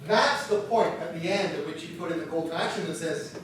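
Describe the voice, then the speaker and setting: A male book publisher runs a workshop on writing a book, talking in a chatty way with self-deprecating humor. His voice is fairly high and brisk with few pauses. The recording comes from a distance in an echoey room, with background noise.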